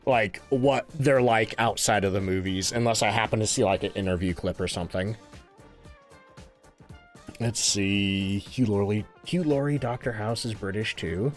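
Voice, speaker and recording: A man's voice: lowish voice, moderate pace. A man streaming live, chatting casually, reading chat aloud and thanking subscribers, often laughing. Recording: faint game music behind the voice.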